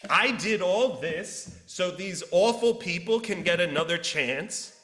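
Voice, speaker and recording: A man's voice: a little high, very animated, measured pace, bright, forceful tone, faint music behind, heavily acted. A man voicing a reluctant prophet who sounds indignant and exasperated. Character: reluctant, sulky male prophet. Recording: roomy church echo.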